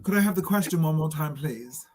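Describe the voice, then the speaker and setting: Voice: mid-range voice, expressive, fairly quick, a little mellow, a little hiss or hum. Give me a sassy, effusive co-host chatting on a drag podcast. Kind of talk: casual chat.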